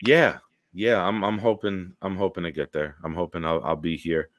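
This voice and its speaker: A man hosting a casual livestream chat, telling rambling, excitable stories. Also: low-pitched, normal speed, dry recording, dull audio. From Northeastern US. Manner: rambling, excitable storyteller who swears casually. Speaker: host.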